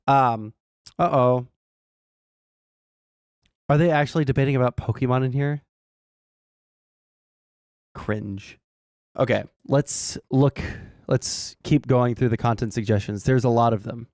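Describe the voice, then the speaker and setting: A man's voice: mid-range voice, measured pace, pauses often, a little mellow, no room sound, clean studio sound. A man streaming casual political commentary, rambling with fillers and wry asides.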